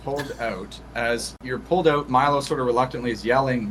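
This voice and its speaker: A man's voice: mid-range voice, brisk, few pauses, fairly bright tone, a little hiss or hum, rough recording. A man narrating a tabletop game as game master, hedging with lots of fillers.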